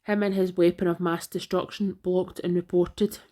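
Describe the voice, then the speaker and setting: A woman reading out online comments in a flat, even delivery. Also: on the low side, normal speed.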